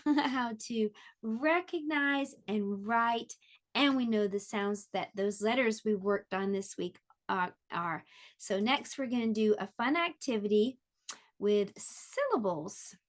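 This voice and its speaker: A woman teaching an online pre-K lesson, speaking gently and encouragingly and sounding words out clearly for young children. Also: on the high side, slow.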